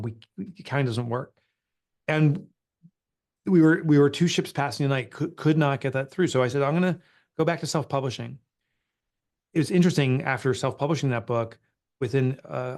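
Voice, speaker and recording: A middle-aged man tells a personal story in an interview, earnest and confessional. His pitch sits right in the middle for a man, and he speaks with open, raw feeling. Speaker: author and guest.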